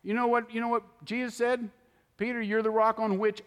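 High-voiced preacher in a reverberant hall. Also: male voice, little pitch movement, brisk, smooth. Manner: emphatic, acts out quoted voices. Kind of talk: sermon.

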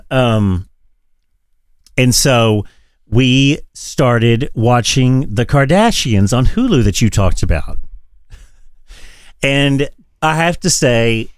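A man's voice: fairly low pitch, dry recording, clean studio sound. A man co-hosting a podcast in casual chat, talking from his office with frequent swearing and laughter. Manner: animated, profane, laughs often. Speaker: podcast co-host.

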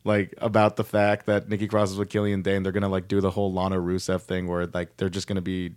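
A man with a fairly low voice co-hosts a casual podcast, tossing in sarcastic jokes and asides. His tone is loose and conversational, and the recording is dry. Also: monotone, fast talker, darkish tone, clear, resonant tone, dry recording. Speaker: podcast co-host. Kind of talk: casual wrestling review chat.

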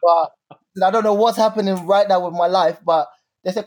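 A young man telling a story in casual chat, animated and full of slang, acting out his own drama. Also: high-pitched, normal speed.

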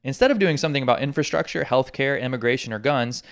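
Brief: male co-host, casual sarcastic news commentary, gravelly texture. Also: mid-range voice, animated, fast talker. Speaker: podcast co-host. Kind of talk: casual political chat.

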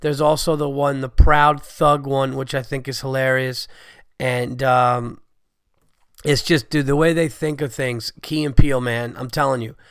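A man's voice: medium pitch, level tone, measured pace, clean tone, no echo, studio quality. A man in his thirties hosting a podcast, chatting casually in a profane, enthusiastic, rambling way while he has a cold. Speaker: podcast host. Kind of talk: casual monologue.

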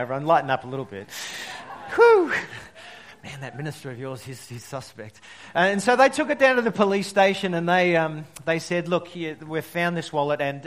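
A male pastor preaching a sermon, telling stories and swinging between loud emphasis and quiet drops. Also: a little high. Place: church service.

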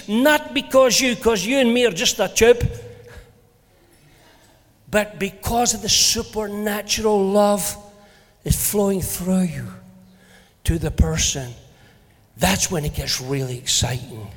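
An older Scottish man preaching a sermon as a pastor, lively and playful in his storytelling. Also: sits high. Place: church hall. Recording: long hall reverb.

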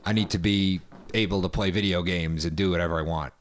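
Deadpan low-voiced man, blunt remarks. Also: quick pace. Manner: blunt, deadpan, mostly short agreeing replies. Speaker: podcast co-host. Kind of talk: casual chat.

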